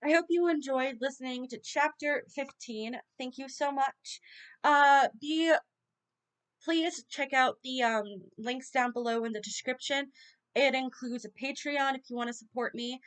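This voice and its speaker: Woman reading aloud, slightly high voice, informal, stumbles and restarts. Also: steady tone, a little slow, a bit bright, clear, resonant tone. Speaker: audiobook reader. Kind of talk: reading a children's novel aloud.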